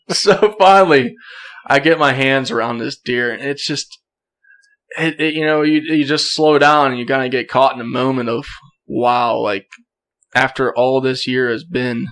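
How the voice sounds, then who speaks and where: A young man on a podcast telling a story casually, acting out quotes with bursts of excitement and frequent laughs. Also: medium pitch, measured pace, pauses often. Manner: animated, acts out quotes, laughs often. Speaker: podcast guest.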